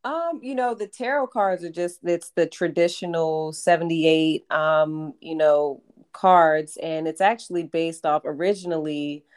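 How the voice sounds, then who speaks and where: A woman tarot reader talking about readings in a relaxed, rambling way, full of fillers and restarts. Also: deep voice, a little slow. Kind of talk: casual podcast chat.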